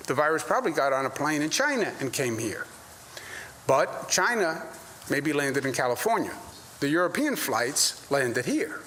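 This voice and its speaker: A man's voice: high voice, a bit bright, a little hiss or hum. A man, a state governor, answering reporters at a press briefing, emphatic and repeating his points with rising indignation. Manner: emphatic, repeats phrases, rises when indignant.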